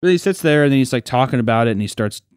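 Man, young adult, podcast storyteller, animated, profane, mid pitch, dry close sound. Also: fast, clear, resonant tone, dry recording. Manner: animated, profane, acts out quoted voices. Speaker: podcast co-host. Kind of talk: casual storytelling chat.

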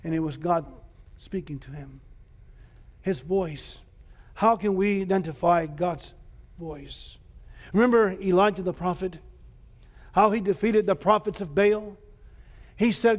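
A male pastor with a high-pitched voice preaching a sermon to his congregation. He repeats questions for emphasis. He swings between loud exclamations and quiet, hushed asides. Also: a little slow, pauses often.

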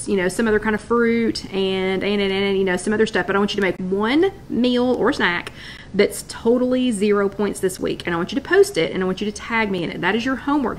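A woman with a medium-pitched voice hosts a casual live-stream wellness chat, with a little hiss or hum in the audio. She rambles chattily, repeating and restarting, and greets viewers by name.

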